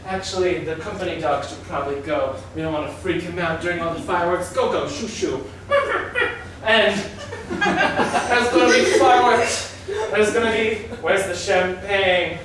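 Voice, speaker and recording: A man's voice: sits high, lively intonation, moderate pace, noisy background. A man playing a boisterous, grandiose company boss in live solo improv. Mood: jovial. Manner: blustering, grandiose showman. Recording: echoey stage from far off.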